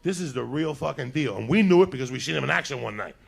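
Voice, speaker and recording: A man with a New Jersey accent telling a profane crime story in an animated, loud way. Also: mid-range voice, fast talker, creaky, husky. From North Bergen, New Jersey.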